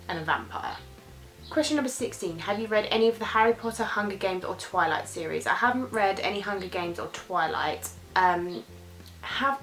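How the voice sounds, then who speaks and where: A woman's voice: lowish voice, fairly bright tone, rough recording. A young British woman chatting casually as she answers viewer questions in a vlog, rambling and sometimes losing her train of thought.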